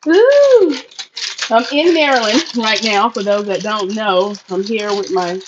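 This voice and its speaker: A woman's voice: medium pitch, normal speed, dull audio, background noise. A middle-aged woman from Florida chatting casually with viewers on a live stream while she cooks in her home kitchen. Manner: chatty, addresses viewers as y'all.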